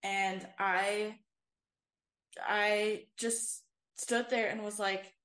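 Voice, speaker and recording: Extremely slow and flat, with a medium pitch and fairly bright tone, a young co-host of a casual faith podcast shares her personal testimony. She also leads worship, and she tells it earnestly, rambling and sprinkling in "um" and constant "like."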